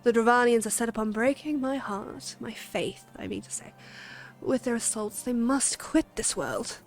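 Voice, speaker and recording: A haughty knight of a holy order, grandiose and theatrical, reads out game dialogue, as a woman puts him on. The voice sits a touch high and lingers on its lines with a sense of drama. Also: expressive, moderate pace. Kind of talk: reading game dialogue aloud.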